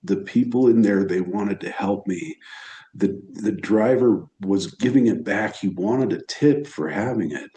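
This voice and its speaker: Brief: lower-voiced male host, slow and halting, choked up, roomy echo. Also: warm tone. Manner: halting, emotional, pauses and restarts. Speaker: astrology channel host. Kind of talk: personal storytelling.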